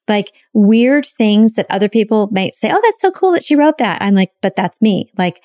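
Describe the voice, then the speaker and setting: A woman's voice: medium pitch, darkish tone, dry recording. Candid woman host, dry close sound. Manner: open, emotional, swears casually. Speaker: podcast co-host. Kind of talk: candid personal storytelling.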